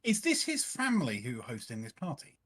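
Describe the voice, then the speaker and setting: A man's voice: on the high side, huge pitch swings, fairly quick, a bit bright, husky. A man playing a tabletop game, talking casually and thinking aloud with many fillers. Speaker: player.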